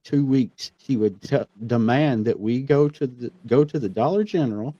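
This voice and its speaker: A man with a dark, mellow voice shares a personal story in an easygoing conversation, sounding earnest and getting animated as he goes. The audio is a little dull and lo-fi, and the sound is dry and close. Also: medium pitch, no room sound. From Missouri. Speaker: podcast host.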